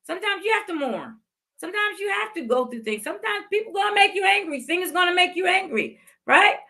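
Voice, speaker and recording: A podcast host in her fifties speaks briskly in an extremely high, expressive voice that is gravelly and sharp. Her talk is heartfelt and motivational, centered on faith, with phrases repeated for emphasis.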